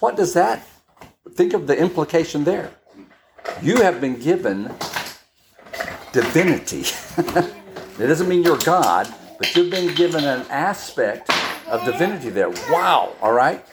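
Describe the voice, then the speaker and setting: Very low-voiced woman teaching scripture. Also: expressive, slight background noise. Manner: checks in often with "all right?"; unhurried, with pauses and restarts. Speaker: Bible teacher. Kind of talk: conversational Bible-study sermon.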